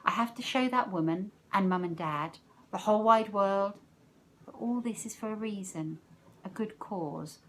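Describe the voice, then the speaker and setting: A woman's voice: mid-range voice, moderate pace, a little hiss or hum. Woman reading a novel aloud expressively. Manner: expressive, shifting loudness with the story's mood.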